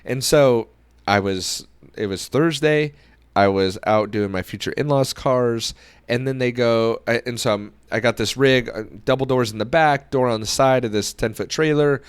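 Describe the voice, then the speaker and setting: Smooth-voiced man telling a podcast story. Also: medium pitch, normal speed, no room sound. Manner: animated storyteller who acts out quoted dialogue. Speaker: podcast host.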